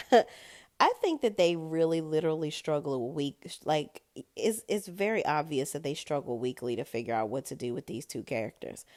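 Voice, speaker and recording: Low-voiced sassy woman recapping TV. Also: dark tone, dry recording, clean studio sound. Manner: sassy, blunt, slangy commentary. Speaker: TV recap vlogger. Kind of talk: casual TV episode recap.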